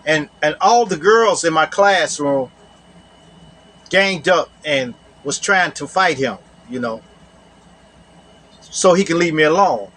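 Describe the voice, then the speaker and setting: A man with a high voice tells a personal story in a casual, conversational way. He circles back over his own phrases, repeats them, and keeps dropping in "you know.". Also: animated, slow pace, pauses often, a bit bright, slight background noise.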